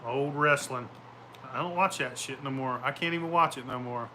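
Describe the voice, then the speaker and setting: A man's voice: medium pitch, normal speed, pushed and bright, a little hiss or hum. A man hosting a show, telling rambling stories in a profane, boisterous way and laughing often. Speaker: show host. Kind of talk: casual rambling storytelling.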